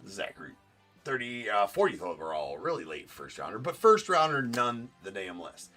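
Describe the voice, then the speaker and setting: A man's voice: lowish voice, very animated, normal speed, bright, forceful tone, soft background music. A man hosting a live card break stream, chatting casually and joking as he opens packs, with the odd swear.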